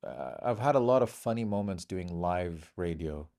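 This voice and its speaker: A man's voice: deep voice, expressive, moderate pace, creaky, a little mellow. A middle-aged man from Bahrain, a comedian guest telling stories in casual chat and acting out the voices of people he quotes.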